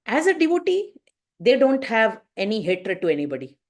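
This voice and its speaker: A woman's voice: fairly high pitch, big pitch swings, moderate pace, darkish tone. A woman with an Indian accent giving a devotional class online, telling stories and acting out voices with lots of "you know" fillers. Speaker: spiritual class teacher. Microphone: video call.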